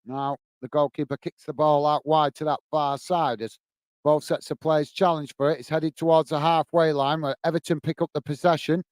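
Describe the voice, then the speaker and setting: Commentating live on a football match, a male streamer greets his chat and keeps up a friendly running commentary. His voice is fairly high with little pitch movement, his pace moderate, and there's no echo.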